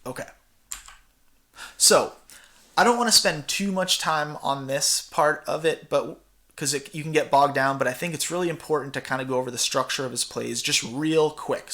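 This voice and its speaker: A male theatre teacher talks through a recorded slide lecture. His voice sits slightly on the high side, and his delivery is casual and chatty, full of fillers and asides. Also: pushed and bright.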